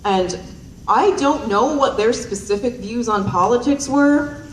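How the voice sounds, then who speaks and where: A young woman with a slightly high, lively voice tells unhurried, wandering stand-up stories at her own expense, with plenty of ums and giggles. She's on stage at a performance night with a handheld mic, captured from a distance by a roomy hall mic amid slight background noise.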